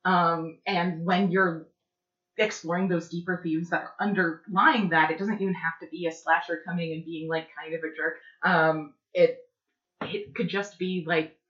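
A woman's voice: on the low side, steady tone, normal speed, a bit bright. A woman co-hosting a podcast, chatting casually and rambling with lots of "like" and "um". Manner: rambling, heavy use of fillers like "like" and "um". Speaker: podcast co-host. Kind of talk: casual chat. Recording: echoey room, dull lo-fi sound.

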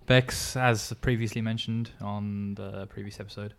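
Brief: male podcast co-host, lowish voice, easygoing and a bit hesitant. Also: fairly even intonation, normal speed, gravelly, clear, resonant tone. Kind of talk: casual chat.

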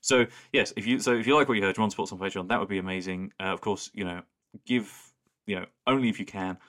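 A man with a very deep voice chats loosely on a podcast, circling back and restarting his sentences. He sounds relaxed and unhurried. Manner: easygoing, rambling with restarts. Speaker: podcast co-host. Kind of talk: casual chat.

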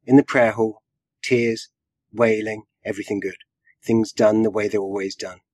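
A man's voice: fairly low pitch, level tone, darkish tone, dry recording. Man reading his own fiction, dry. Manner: measured storytelling with dry wit. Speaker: writer and guest.

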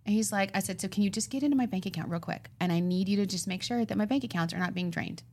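A middle-aged woman co-hosting a chat show, retelling a story with animated, acted-out quotes. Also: mid-range voice, quick pace. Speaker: podcast co-host.

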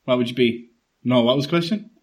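A man's voice: medium pitch, fast talker. A man co-hosting a podcast, chatting in a dry, joking way. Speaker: podcast co-host. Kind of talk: casual chat.

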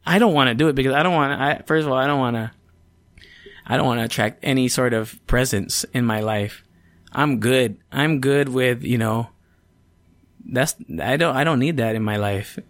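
A man's voice: mid-range voice, normal speed, no room sound. A man hosting a casual solo podcast, a little sleepy, rambling, swearing freely and often cutting himself off mid-sentence. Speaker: podcast host.

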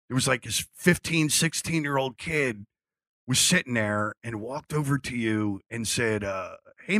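Man from Philly, bright dry voice, lively anecdote teller who acts out dialogue. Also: medium pitch, unhurried, no echo. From Philadelphia. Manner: animated storyteller acting out quotes, swears freely. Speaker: guest telling a story. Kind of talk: casual anecdote.

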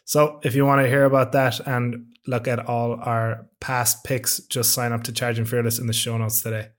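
A man hosting a podcast, introducing segments and newsletter plugs in a relaxed, joking way. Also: medium pitch, moderate pace. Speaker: podcast host.

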